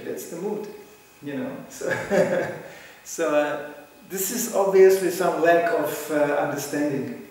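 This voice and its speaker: A man's voice: a little high, takes it slowly, a little mellow. A man giving an informal scripture class, telling stories, acting out what people say in little voices and chuckling often. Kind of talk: informal sermon with storytelling. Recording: roomy hall, mic at a distance, faint background hum.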